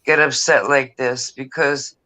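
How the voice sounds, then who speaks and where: A man's voice: medium pitch, fairly even intonation, measured pace, crowd noise, poor audio. A man chatting earnestly on a group video call, rambling with lots of fillers. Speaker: regular in a group live chat. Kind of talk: casual chat.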